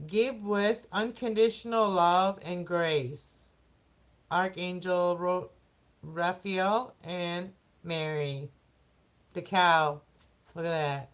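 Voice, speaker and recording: A woman's voice: on the low side, fairly even intonation, drawn-out words. A woman doing a casual oracle card reading for the zodiac signs, chatty and rambling, often laughing and tripping over words. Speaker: tarot and oracle card reader.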